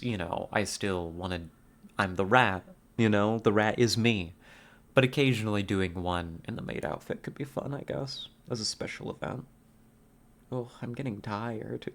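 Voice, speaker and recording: A man's voice: lowish voice, fairly bright tone. A man streamer chatting casually with his viewers as he ends his stream, rambling and playful and laughing often. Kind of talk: casual stream sign-off chat.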